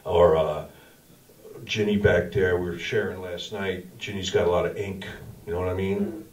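A man's voice: sits low, normal speed, slight background noise. A middle-aged man giving a casual, slangy sermon as a pastor, telling stories about his own life. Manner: casual storytelling, slangy and animated. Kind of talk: informal sermon. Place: small church cafe venue. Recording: echoey room from far off.

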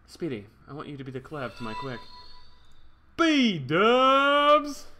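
A man's voice: medium pitch, fast, faint music behind. A young man streaming a game, chatting casually, joking around and thanking viewers. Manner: goofy, jokey, thanks viewers. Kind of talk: casual livestream chat.

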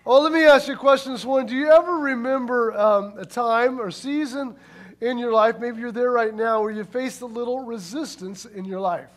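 A man's voice: very high voice, moderate pace. A man pastor giving church announcements and a sermon in a casual, folksy storytelling way. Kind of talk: sermon with announcements and a told joke.

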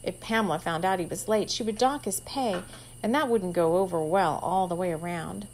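A woman calmly reading her own novel aloud in a steady storytelling voice. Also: lowish voice, moderate pace, slight background noise, rough recording. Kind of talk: storybook narration.

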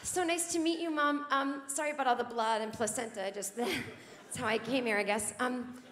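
Brief: woman voicing an overly polite newborn boy, high and chirpy, hall reverb. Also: normal speed, a bit bright, lightly acted. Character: newborn baby boy greeting his mom politely. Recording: long hall reverb from live theater.

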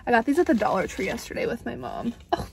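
A young woman vlogs in a bubbly, chatty way, constantly saying "like." Her voice is on the high side, expressive and creaky at a quick pace, on a rough recording.

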